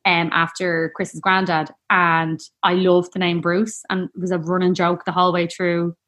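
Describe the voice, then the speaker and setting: A woman's voice: lowish voice, level tone, normal speed, fairly bright tone. A woman telling a personal story in a casual, rambling, heartfelt way. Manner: chatty, rambling, heartfelt, peppered with "like".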